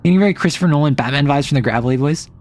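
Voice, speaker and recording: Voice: mid-range voice, rapid-fire, a little mellow. A young adult livestreamer chatting casually at home, rambling with fillers and self-corrections. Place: home room with roommates nearby.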